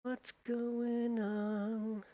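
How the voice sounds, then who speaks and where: A man's voice: extremely high pitch, monotone, extremely slow, faint music behind. A man giving live commentary while driving a racing sim, exclaiming often as he wrestles a heavy wheel. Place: home sim rig. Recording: loud racing game engine noise behind.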